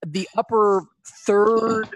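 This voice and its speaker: A game master narrating an improvised tabletop game with playful, quick asides and questions for the players. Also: medium pitch, steady tone.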